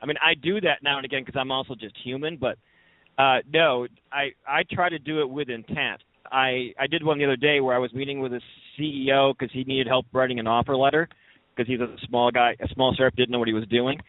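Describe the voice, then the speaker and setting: A man's voice: mid-range voice, steady tone, brisk, no echo. A man on a recruiting panel, emphatic and argumentative, often cutting in on others. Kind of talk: lively panel discussion. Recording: dry, thin phone-like sound.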